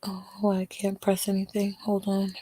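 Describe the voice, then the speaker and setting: A woman's voice: mid-range voice, completely flat delivery, unhurried, mellow, husky. A woman hosting a casual livestream, talking straight to her chat while losing her voice. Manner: chatty, talks straight to the chat. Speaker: livestream host.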